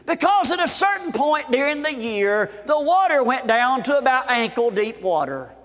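A man preaching a fervent revival sermon, shouting and repeating his refrains, recorded at a conference. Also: very high voice, sing-song, normal speed, long reverb tail. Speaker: guest preacher.

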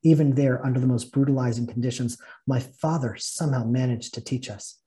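A man speaking a little fast, his voice warm and mid-range, teaches a spiritual fellowship session. With earnest feeling, he both tells and reads out a story.

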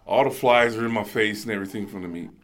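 A middle-aged man telling a story as a guest in casual chat, excitable and halting, acting out voices and sounds. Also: lowish voice.

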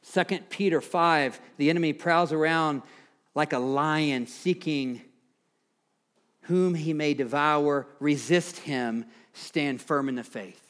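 A man's voice: a little high, takes it slowly, a bit bright. A man preaching a sermon as pastor, building with passion and emphasis on key phrases.

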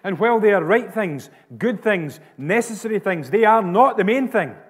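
A Scottish pastor preaching a sermon with emphatic, repeated phrases. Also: male voice, high-pitched, animated, normal speed, husky, in a large hall.

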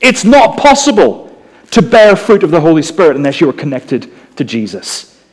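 Northern Irish preacher in a reverberant hall. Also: male voice, a little high, very animated, moderate pace, husky. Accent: Northern Irish, softened. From Northern Ireland. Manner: conversational, with humorous asides. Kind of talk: sermon.

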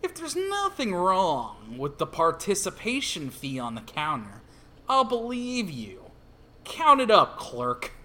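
A man's voice: high-pitched, huge pitch swings, slow, sharp tone, heavily acted. A man voicing a cocky, swaggering male cowboy racer in a comic read-along, in a raised, taunting voice.

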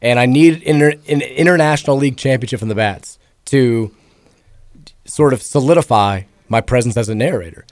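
Male sports radio host, hoarse and raspy with a cracking voice, rambling and self-deprecating, dry close studio mic. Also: medium pitch, a little fast, darkish tone, dry recording. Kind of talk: casual sports radio chat.

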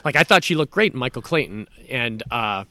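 A man's voice: medium pitch, a little fast, dry recording. A man chatting casually as a podcast co-host, retelling a film scene by scene with laughter and the odd curse. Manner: animated retelling with frequent laughter and swearing. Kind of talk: casual chat.

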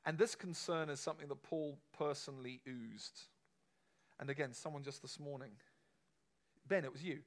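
A man's voice: fairly high pitch, normal speed. A man preaching a sermon to a congregation in a conversational, emphatic way, often asking the room questions.

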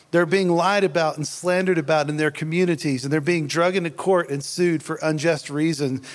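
Male preacher, casual and humorous delivery, slightly raised pitch, reverberant church hall. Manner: jokey, conversational, laughs at himself. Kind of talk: sermon.

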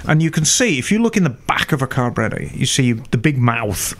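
His pitch is medium and his delivery sing-song and fairly quick. The older man from England is an expert motorcycle mechanic, chatting casually as he explains carburetor tuning one step at a time with clear confidence.

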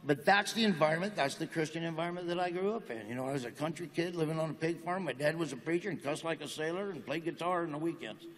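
A man telling folksy, deadpan jokes as a guest in an interview. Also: on the high side, fast talker, few pauses, crowd noise. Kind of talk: joking interview talk. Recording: long reverb of a large hall.

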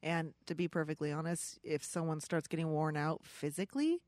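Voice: mid-range voice, steady tone, a little fast, darkish tone, no room sound. A podcast co-host explaining things in a direct, emphatic, matter-of-fact way. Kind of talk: casual chat.

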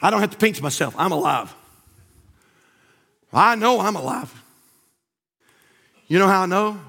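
A man preaching a sermon in a church, swinging from hushed asides to shouted appeals. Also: sits high, lively intonation, unhurried, vocal fry, husky, in a large hall. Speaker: pastor. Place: church sanctuary.

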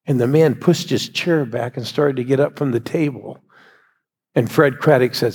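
A man's voice: mid-range voice, normal speed, darkish tone, slightly rough. A male pastor preaching a sermon and leading the congregation in prayer they repeat after him.

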